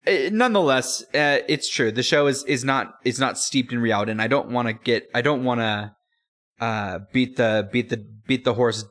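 A man's voice: mid-range voice, moderate pace, fairly bright tone. Rambling, laughing man co-hosting a podcast. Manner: rambling, restarts often, laughs easily. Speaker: podcast co-host. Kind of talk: casual chat.

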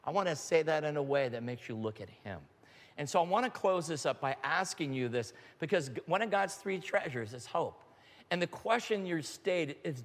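A man's voice: a little high, expressive, normal speed, fairly bright tone. An older man preaching a sermon and leading prayer, earnest and fervent, with a grandfather's storytelling ease. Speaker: pastor. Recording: live hall reverb with music.

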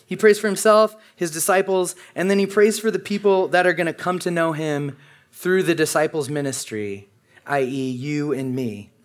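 A man's voice: on the high side, steady tone, normal speed. Chatty young male preacher. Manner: conversational and humorous, imitates congregants' murmurs. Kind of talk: casual sermon.

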